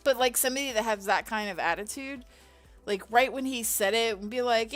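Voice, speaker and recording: A woman's voice: fairly high pitch, animated, normal speed. Rambling, profane woman streamer. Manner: rambling and profane, laughs often. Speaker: livestream host. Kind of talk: casual livestream chat.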